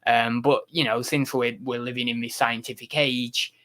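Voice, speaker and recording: A man's voice: medium pitch, level tone, normal speed, fairly bright tone. Rambling man livestreaming. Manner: rambling, self-interrupting, exasperated with chat. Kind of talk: casual livestream chat.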